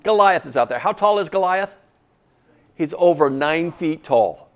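A man's voice: on the high side, lively intonation, measured pace. A man preaching a sermon in a folksy, conversational way, full of casual asides.

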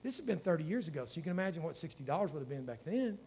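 A man's voice: fairly high pitch, very animated, very fast, darkish tone. A man, a pastor preaching a sermon in a folksy storytelling way that builds to fervent exhortation.

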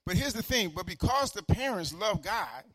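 Older male pastor, fiery repetitive sermon delivery, high bright voice. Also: very animated, moderate pace, dry recording. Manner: fervent preaching, swings from shouting to quiet asides; repeats phrases for emphasis.

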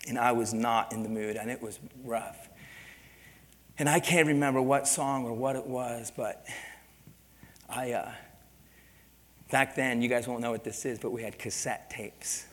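A middle-aged man preaching a sermon as a pastor, telling a story with lively energy and breaking into shouts. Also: medium pitch. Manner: animated storytelling, bursts into shouting. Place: church sanctuary. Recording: long reverb of a church hall.

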